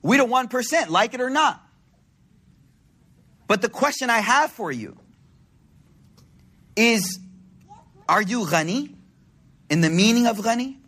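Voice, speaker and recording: A man's voice: extremely high pitch, expressive, a little slow, pauses often, a bit bright, husky. A man giving a religious talk to a congregation in a conversational, slangy storytelling way. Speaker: religious speaker.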